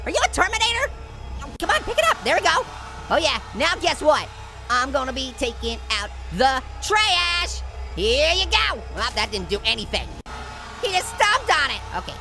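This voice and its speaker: Excitable high-voiced woman gaming. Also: normal speed, over music. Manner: excitable, jokey, talks to viewers. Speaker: video game streamer. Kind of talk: let's-play commentary.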